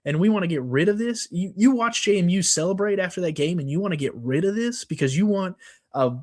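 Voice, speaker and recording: A man's voice: high-pitched, lively intonation, a little fast. A man co-hosting a sports podcast, ranting in a casual, worked-up way with lots of fillers and restarts. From Texas. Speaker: podcast co-host.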